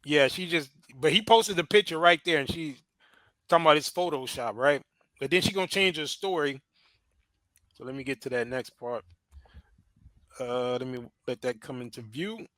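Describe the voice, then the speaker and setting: A man's voice: a little high, normal speed, pauses often, pushed and bright, no room sound. A man with a Chicago accent hosting a livestream, giving slangy, laughing commentary. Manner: slangy, laughing often, says "bro". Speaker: host.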